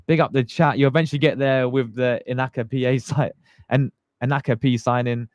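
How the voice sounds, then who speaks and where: A man's voice: medium pitch, fairly even intonation, a little fast, no room sound, dull audio. A young man hosting a live fan stream, chatting casually and greeting viewers by name in slangy talk. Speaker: fan channel host.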